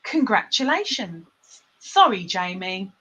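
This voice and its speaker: A woman hosting a casual livestream chat, playful and quick to laugh. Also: medium pitch, sing-song, bright, forceful tone, husky, poor audio. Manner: giggly, playful, laughs often. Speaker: livestream host.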